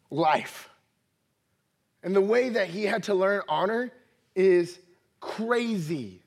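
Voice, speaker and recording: Man, 30s, high-pitched pastor, animated sermon delivery, mimics voices and laughs. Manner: animated, acts out quoted voices, laughs often. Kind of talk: energetic sermon.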